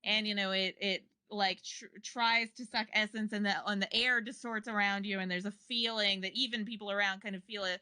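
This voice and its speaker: A woman's voice: medium pitch, steady tone, fairly quick, few pauses, bright, forceful tone, clean tone, dry recording. A woman narrating as game master of a tabletop game, meandering with many fillers and restarts.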